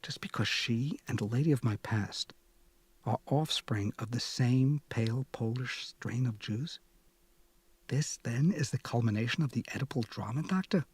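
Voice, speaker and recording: A man reads a literary novel in a wry, self-mocking, confessional voice. His tone is husky and slightly breathy. The studio sound is dry and close to the mic. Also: medium pitch, moderate pace, dry recording. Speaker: audiobook reader. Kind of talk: literary audiobook narration.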